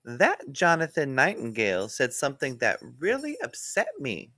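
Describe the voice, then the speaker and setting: A man's voice: mid-range voice, wildly swooping pitch, normal speed, sharp tone, no room sound, exaggerated voice. A man voicing a sweet, fussy woman police trainee who keeps calling people dear. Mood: chirpy. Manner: calls everyone dear, chirpy.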